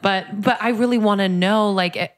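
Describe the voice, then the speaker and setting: A woman's voice: mid-range voice, normal speed. A woman in her thirties hosting a podcast, asking questions in a rambling, chatty way full of "like". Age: 30s. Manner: chatty, rambling, heavy use of "like". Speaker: podcast host. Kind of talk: casual chat.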